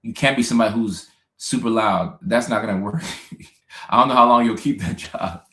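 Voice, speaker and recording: A man's voice: lowish voice, moderate pace, pushed and bright. Laid-back man chatting in an echoey room. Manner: chatty and laid-back, laughing often, repeating phrases. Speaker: host. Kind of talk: casual livestream chat reading viewer comments. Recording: roomy echo.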